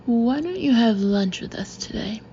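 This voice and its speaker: A woman's voice: a little high, lively intonation, moderate pace, mellow, highs cut off, slight background noise. A woman voicing an awkward, apologetic young female coworker in an audiobook.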